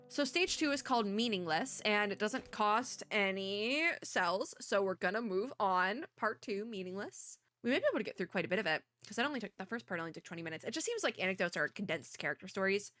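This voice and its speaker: A woman's voice: medium pitch, a bit bright, no room sound, studio quality. A woman hosting a let's-play of a story game, reading the text aloud and rambling through asides, her voice a bit worn from illness. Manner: chatty, rambling asides with frequent laughs. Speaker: VTuber let's-play host.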